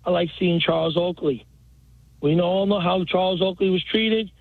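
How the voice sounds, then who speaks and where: A high-pitched man with a gravelly edge calls in from New York, sleepless and talking in quick clipped bursts. His voice comes through a tinny phone line. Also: no echo. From Queens, New York. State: has not slept. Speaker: caller. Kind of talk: radio call-in.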